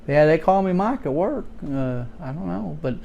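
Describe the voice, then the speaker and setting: A man's voice: fairly high pitch, lively intonation, moderate pace, vocal fry, dark tone, muffled recording, a little hiss or hum. A man, playing a folksy redneck working man in a rambling comedic monologue, stammering as he tells his story.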